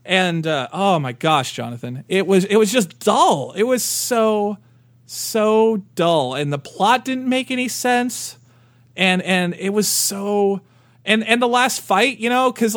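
A man in his thirties chats on a podcast, rambling and animated, restarting his sentences often. His voice sits a bit high for a man, and the recording is close and dry. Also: no room sound. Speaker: podcast co-host. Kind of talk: casual chat.

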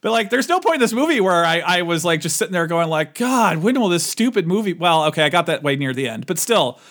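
A man co-hosting a podcast in casual movie-review chat, animated and jokey, quick to laugh. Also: on the high side. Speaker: podcast co-host.

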